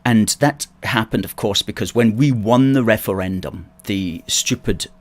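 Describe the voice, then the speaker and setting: Deep-voiced Scottish man from Ayrshire. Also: normal speed. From Scotland, Ayrshire. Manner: chatty, reads out viewer comments, wry asides. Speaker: host of a political livestream. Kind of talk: casual livestream chat reading viewer comments.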